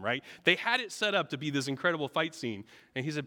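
A man preaching a sermon, telling the story vividly and often checking in with the listeners with a quick "right?". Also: on the high side, very animated, sharp tone.

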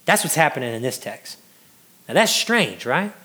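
A man preaching with a high, bright, forceful voice. He talks in a loose, conversational way, repeating words as he restarts and slipping into little acted-out quotes. It comes across as a casual sermon. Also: sing-song, normal speed. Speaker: pastor.

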